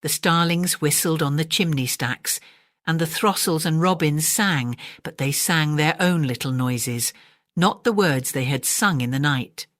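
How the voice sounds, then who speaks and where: A woman with an English accent reading a classic children's story aloud, gentle and expressive. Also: sits low, a little slow, dry recording, clean studio sound. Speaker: audiobook narrator.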